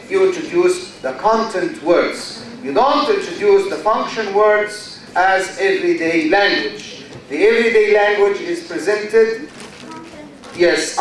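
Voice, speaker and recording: A man's voice: sits high, fairly bright tone, a little hiss or hum. A man with an Egyptian accent giving a university lecture in English, drawing out words for emphasis and repeating example sentences. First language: Arabic. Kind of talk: classroom lecture. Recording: echoey hall, mic far off.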